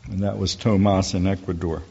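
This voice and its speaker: A middle-aged man with a lowish voice tells his testimony to a church crowd in a folksy, storytelling way. He acts out the voices of the people he quotes. The recording sounds dull and lo-fi. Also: level tone, a little fast, gravelly, a little mellow, husky. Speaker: church speaker giving a testimony. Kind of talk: testimony talk to a church audience.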